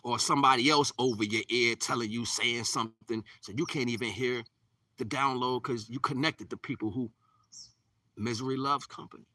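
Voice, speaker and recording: A man's voice: medium pitch, fairly even intonation, normal speed, pushed and bright, dry recording, recorded from a distance. A man giving a live-streamed spiritual talk in a repetitive, preachy way, often dropping to a near-whisper. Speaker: spiritual teacher.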